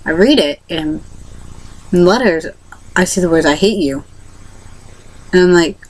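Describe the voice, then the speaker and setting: A young woman talks to her camera in a loose, rambling way, with lots of fillers and false starts. Her voice sits a little low for a woman. She tells her story plainly as a vlogger. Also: unhurried, poor audio. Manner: rambling, full of fillers and restarts.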